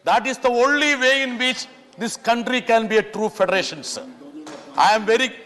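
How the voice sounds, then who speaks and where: A man giving an impassioned parliamentary speech, often pleading "sir" and sometimes shouting. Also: very high voice, normal speed. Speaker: member of parliament. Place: large parliament chamber. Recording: long reverb of a large chamber.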